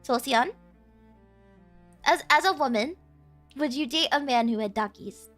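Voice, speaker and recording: A woman's voice: sits high, a little slow, a bit bright, soft background music. A woman streamer chatting casually with her viewers, playful and teasing, often giggling.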